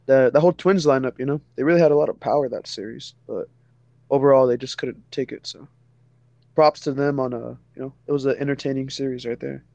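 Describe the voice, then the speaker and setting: A man's voice: mid-range voice, steady tone, quick pace, creaky, darkish tone, no room sound, highs cut off. A man co-hosting a casual sports podcast, talking loosely with a lot of "you know" fillers. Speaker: podcast co-host.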